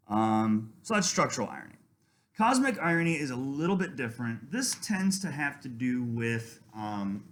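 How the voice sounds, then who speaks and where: A man teaching a literature lesson in a casual, conversational way, reading passages aloud and pausing often with ums. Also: medium pitch, fairly bright tone. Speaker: literature lecturer. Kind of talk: casual lecture.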